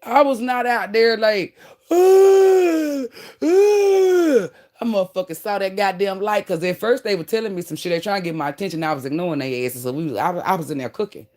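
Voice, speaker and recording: A woman telling a profane, animated story straight to her viewers, calling them "y'all" and "baby", with emphatic outbursts. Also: on the low side, rapid-fire, few pauses. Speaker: online creator.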